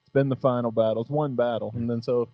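A laid-back middle-aged man in a casual podcast chat, swearing freely and laughing between stories. His voice sits at an ordinary pitch. The sound is dull and lo-fi with no room echo. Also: steady tone, fast. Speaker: podcast host.

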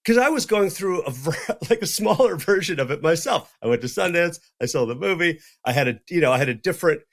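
Profane, animated middle-aged man storyteller. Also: fairly high pitch, a little fast. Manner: profane, animated, acts out quoted dialogue. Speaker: podcast co-host. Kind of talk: casual storytelling chat.

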